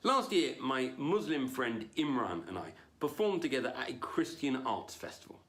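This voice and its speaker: In an online stand-up set, a comedian alternates loud punchlines with low asides. His pitch swings widely while his pace stays moderate.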